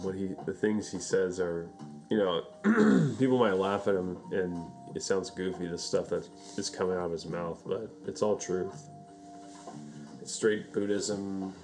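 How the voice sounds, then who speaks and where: A man co-hosting a podcast, talking in a relaxed, earnest and reflective way. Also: low-pitched. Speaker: podcast co-host. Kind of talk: casual chat.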